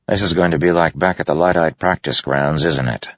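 A man's voice: very deep voice, steady tone, fairly quick, fairly bright tone, dry recording. A man voicing a blunt, guarded young soldier who talks tersely and matter-of-factly. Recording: dry, dull lo-fi sound.

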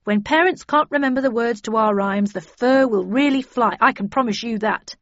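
A woman's voice: fairly high pitch, moderate pace, dry recording, close to an everyday voice. A woman voicing a stubborn male union leader who speaks firmly and threateningly. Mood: defiant. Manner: firm, threatening. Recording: dull dry lo-fi audio.

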